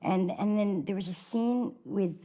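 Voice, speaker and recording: A woman's voice: medium pitch, a little slow, mellow. A woman being interviewed, an actress chatting about a film role she played, with many likes and restarts. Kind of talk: interview reminiscence.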